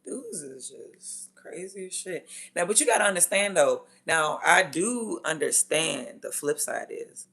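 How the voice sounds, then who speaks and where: Gravelly, blunt DC-woman streamer. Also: low voice, lively intonation, measured pace, few pauses. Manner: blunt, profane, drops from loud to near-whispered asides. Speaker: livestreamer. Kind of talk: casual livestream chat.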